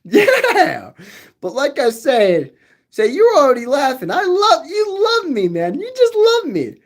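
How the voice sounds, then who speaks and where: A man with a fairly high voice hosts a livestream and rambles to his viewers, swooping up and down in pitch. He drawls slowly and loops the same words over and over in a sing-song way. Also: huge pitch swings. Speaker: livestream host reading chat. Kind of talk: rambling live chat with viewers.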